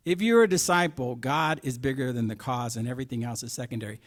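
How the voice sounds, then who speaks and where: A middle-aged man delivers a sermon at a moderate pitch. He drops into soft asides and then pushes key words with force. He asks the listeners rhetorical questions throughout. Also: fast talker. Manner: emphatic, rhetorical questions, swings between soft asides and loud stresses. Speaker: preacher.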